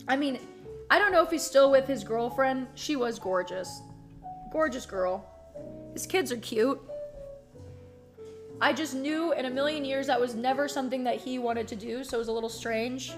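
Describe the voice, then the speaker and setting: Young woman, high bright voice, animated casual storytelling, swearing, faint music behind. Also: moderate pace, long pauses. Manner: animated, profane, peppered with "like". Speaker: streamer.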